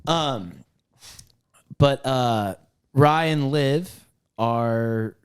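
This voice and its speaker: A man's voice: medium pitch, very slow, clean tone. A man co-hosting a podcast, telling a long story in a casual, rambling way with many fillers and restarts. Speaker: podcast co-host.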